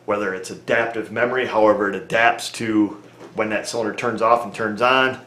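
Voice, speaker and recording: A low-voiced man talking shop as a mechanic, plainspoken and folksy, thinking out loud as he goes. His voice bounces around a roomy, echoey space. He keeps it casual and easy. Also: steady tone, brisk, noisy background. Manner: plainspoken, folksy, talks through reasoning aloud. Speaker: auto repair mechanic. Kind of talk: casual talk to camera. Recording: echoey room.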